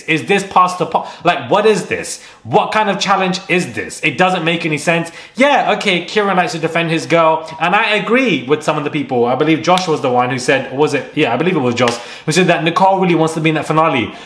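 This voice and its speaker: A young man hosting a casual vlog, ranting energetically about a reality show with bursts of laughter. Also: a little high. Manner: energetic, animated, quick rants with laughs. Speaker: YouTube host. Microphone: desk microphone. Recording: echoey room.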